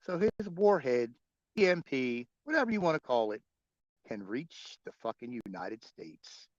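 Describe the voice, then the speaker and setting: A man's voice: medium pitch, big pitch swings, unhurried, no echo, muffled recording. A man hosting a livestream, chatting casually and profanely with viewers and chuckling often. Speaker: livestream host.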